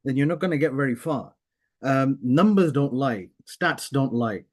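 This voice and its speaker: A man gives an earnest webinar presentation over a video call. He starts and restarts his sentences and fills them with "uh" and "um". His voice sits at an ordinary pitch for a man. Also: animated, normal speed, darkish tone. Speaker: webinar panelist, software founder.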